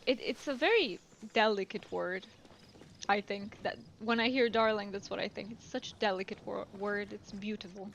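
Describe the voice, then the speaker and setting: A woman's voice: medium pitch, normal speed, vocal fry, a bit bright, dull audio, a little hiss or hum. A woman streaming a game, chatting casually and musing aloud to her viewers. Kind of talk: casual gameplay commentary.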